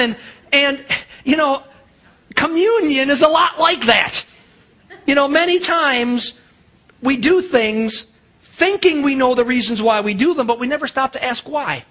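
Man, pastor, sermon, very high voice, chatty storytelling. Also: animated, moderate pace, pushed and bright. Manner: storytelling, chatty with fillers and restarts.

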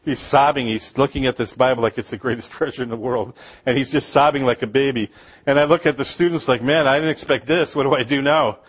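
A middle-aged man from Upper Michigan tells mission stories from the pulpit, joking and asking the congregation questions. His voice sits at an ordinary middle pitch, and he spins anecdotes with a preacher's easy humor. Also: fast, slightly rough. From Upper Michigan, USA. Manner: anecdotal storytelling with laughs and asides to the congregation. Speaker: missionary speaker.

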